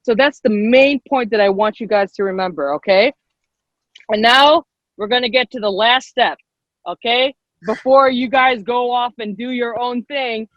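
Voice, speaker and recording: A woman's voice: fairly high pitch, moderate pace, a bit bright, dry recording. A young woman leading a live online class for girls, upbeat and encouraging, repeating herself and laughing often. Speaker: workshop leader. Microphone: computer mic on a video call. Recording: dull lo-fi video call sound.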